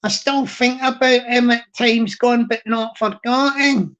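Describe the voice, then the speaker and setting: A Glaswegian-accented chat viewer reading out a message, as a woman on a live stream puts it on. The delivery is slow and measured, pitched a little high. The stream audio sounds dull and lo-fi. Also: fairly even intonation, natural voice. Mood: reading aloud. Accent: put-on Glaswegian Scottish.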